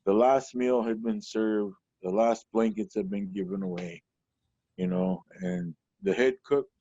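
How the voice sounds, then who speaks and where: Speaking a little slowly in a low, steady, dark-toned voice, a male comedian from Portland, Oregon rambles through conversational stories, leaning on "you know" constantly. It's a dull, dry lo-fi recording without echo.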